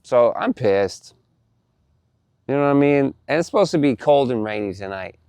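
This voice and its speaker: A man's voice: mid-range voice, normal speed, clear, resonant tone, no room sound. Guy ranting about his day, lots of swearing, repeats stuff, dry sound. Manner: animated, profane, repeats himself. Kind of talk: casual storytelling to camera.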